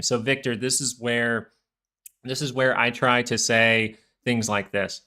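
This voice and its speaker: A man's voice: medium pitch, level tone, unhurried, pushed and bright. A young man hosting a live stock market stream, rambling through casual chart commentary full of fillers and goofy asides.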